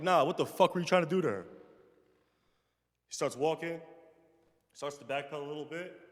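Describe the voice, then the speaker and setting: A young man giving a personal storytelling talk as guest speaker, animated and acting out the voices he quotes, then dropping soft when he reflects. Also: a little high. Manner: animated, acts out quoted voices, trails off softly in reflective moments. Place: large chapel. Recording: long chapel reverb.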